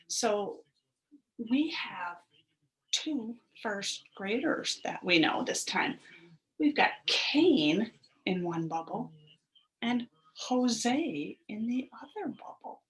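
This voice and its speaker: A woman's voice: mid-range voice, lively intonation, slow, a bit bright. A woman teaching a recorded phonics lesson to first graders, encouraging and sounding out each syllable.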